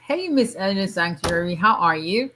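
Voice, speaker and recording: A middle-aged woman hosts a casual livestream, greeting viewers warmly by name and chatting with frequent restarts and fillers. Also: medium pitch, expressive, normal speed, a little hiss or hum. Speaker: immigration attorney hosting a livestream.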